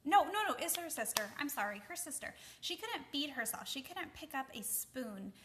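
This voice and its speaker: Chatty bright-voiced young mom. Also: female voice, sits high, animated, normal speed. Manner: chatty, many fillers, keeps asking okay. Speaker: mom vlogger giving advice. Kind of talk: casual advice talk to camera.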